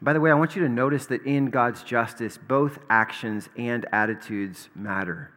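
A man delivers a sermon at a medium pitch in a loose, conversational manner. He mixes scripture readings with casual asides and light humor. His voice rings out with a long echo in a large hall. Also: moderate pace, fairly bright tone. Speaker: pastor.

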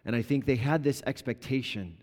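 A man preaching a sermon as a pastor, explaining scripture conversationally and bringing the story to life with lively retellings. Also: mid-range voice, a little fast. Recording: long reverb of a large hall.

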